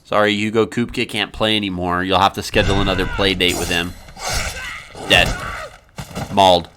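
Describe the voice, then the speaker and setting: Low-voiced man joking through a game. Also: little pitch movement, normal speed, background noise. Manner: joking, laughs at his own remarks. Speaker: gaming streamer. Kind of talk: casual let's-play commentary.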